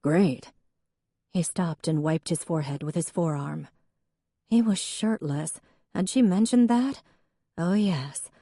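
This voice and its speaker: A woman's voice: deep voice, warm tone, no room sound, studio quality. A woman narrating an audiobook in a wry, conversational way. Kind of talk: scripted narration.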